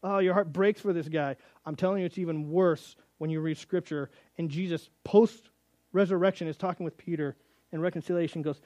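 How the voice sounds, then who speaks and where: A man gives a Bible teaching to young people, telling the stories in an animated way with casual, joking asides. His voice sits fairly high for a man. The recording is close and dry, with no room sound. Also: a little fast, no echo. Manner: animated storytelling, acts out quotes, casual asides.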